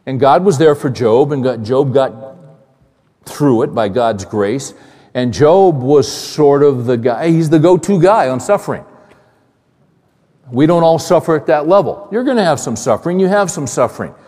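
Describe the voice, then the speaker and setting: A male pastor preaching a sermon in a conversational, animated way, repeating phrases and asking the congregation questions. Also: on the high side, normal speed. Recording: long hall reverb.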